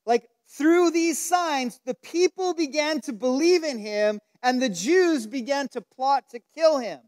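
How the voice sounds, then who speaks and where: High-voiced, animated male preacher. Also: measured pace. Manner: animated storytelling, acts out quoted lines. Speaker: pastor. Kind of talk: sermon. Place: church service.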